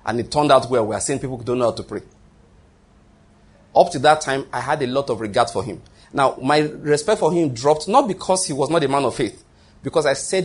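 A man's voice: medium pitch, a little fast, slightly rough. A man preaching a sermon, emphatic and repetitive, often restarting his phrases.

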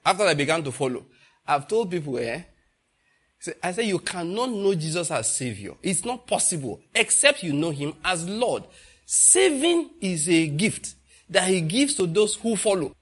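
A man's voice: high-pitched, big pitch swings, normal speed, a bit bright, breathy edge. A man preaching a sermon, asking the congregation rhetorical questions and repeating phrases for emphasis.

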